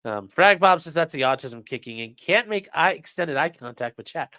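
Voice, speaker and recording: A young man chatting on a live stream, rambling and swearing as he reacts to chat. His voice is bright and lively, swinging up and down in pitch. The sound is close and dry at a desk mic. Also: normal speed, no echo. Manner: rambling, profane, reads chat aloud. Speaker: streamer and trial lawyer.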